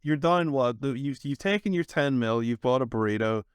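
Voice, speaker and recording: A man's voice: mid-range voice, normal speed, clear, resonant tone, no echo. Man narrating a sweary improvised scenario. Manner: lively, sweary narration of the scene. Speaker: podcast co-host running the scenario. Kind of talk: casual improvised storytelling chat.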